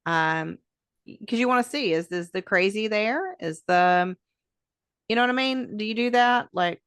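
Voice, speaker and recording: A woman co-hosts a podcast in casual chat, thinking aloud and using many fillers. Her medium-pitched voice is expressive, a bit bright, clear, and resonant, at a normal speed. The recording is clean studio sound with no room sound.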